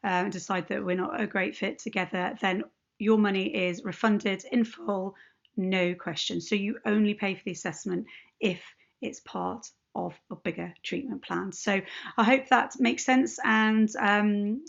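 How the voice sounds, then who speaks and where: A woman coach speaks straight to her viewers in a relaxed, unscripted way. Her voice has a gravelly, fry-laden texture at a mid pitch. The recording sounds slightly dull and lo-fi. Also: measured pace. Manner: chatty, informal, addresses viewers directly. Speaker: ADHD hypnotherapist and coach. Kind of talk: unscripted direct-to-camera message.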